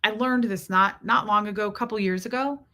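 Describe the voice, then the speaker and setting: A woman's voice: medium pitch, brisk, sharp tone. A woman in her forties hosting a casual livestream, rambling and thanking viewers by name as she talks. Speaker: livestream host.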